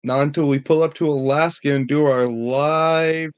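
A man's voice: fairly high pitch, fairly even intonation, smooth, dull audio. A young man co-hosting a casual podcast, sounding tired, joking goofily and laughing often. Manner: goofy, laughs often, drawn-out jokey asides. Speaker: podcast co-host. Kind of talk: casual chat among friends.

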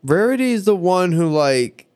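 A man's voice: high-pitched, sing-song, moderate pace, a little mellow, clean tone. A man co-hosting a podcast in laid-back, crude joking casual chat. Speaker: podcast co-host.

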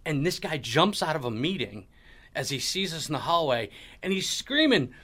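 A man, a guest in a casual interview, who jumps in and tells stories in an animated way. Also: fairly high pitch. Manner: quick, interjecting, animated storyteller.

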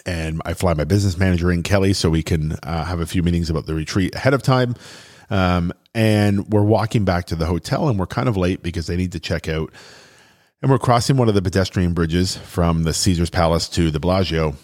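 A man's voice: low voice, fairly quick, a little mellow. A man telling a personal story in an earnest, chatty way, with fillers and restarts, at times getting choked up.

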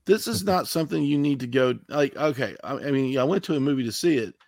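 A man's voice: medium pitch, expressive, fast talker, darkish tone, dry recording. A man co-hosting a casual movie review podcast with sarcastic, joking banter. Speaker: podcast co-host.

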